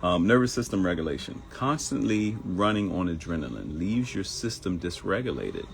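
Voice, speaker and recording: A man's voice: sits low, big pitch swings, moderate pace, gravelly, slight background noise. A middle-aged man from Baltimore hosting a live talk show, chatty and storytelling, calling his listeners y'all. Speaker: host.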